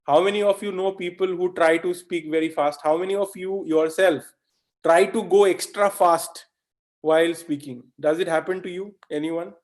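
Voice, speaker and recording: A man from India teaching a live online lecture in a conversational way, often checking in with "okay?" and asking the audience questions. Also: high-pitched. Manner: animated, mimics fast talkers in asides. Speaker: webinar instructor.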